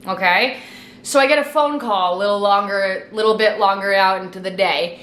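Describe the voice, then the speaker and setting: A woman's voice: medium pitch, moderate pace. Tipsy twenty-something girl ranting a story to camera, swears a ton, room sounds echoey. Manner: chatty, swears a lot, animated retelling. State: tipsy from wine. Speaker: vlogger. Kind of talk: casual storytime monologue.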